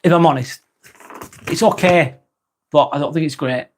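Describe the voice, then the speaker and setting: A man's voice: on the high side, normal speed, slight background noise. A man hosting a live vlog, talking casually and reading out viewer comments, with lots of ums and some swearing. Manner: relaxed and chatty, with frequent ums and casual swearing.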